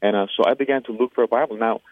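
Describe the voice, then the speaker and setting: A man's voice: mid-range voice, very fast, a little hiss or hum. A man from Iran, giving an earnest personal faith testimony in an interview, with frequent hesitations and fillers. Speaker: interview guest. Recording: tinny phone-line sound, dry.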